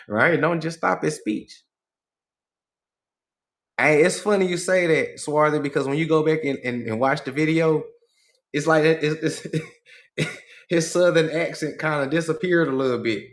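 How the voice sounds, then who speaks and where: A man hosting a livestream in casual commentary, talking in an animated, profane way and asking "right?" again and again. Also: on the high side, a little slow, creaky. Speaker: livestream host.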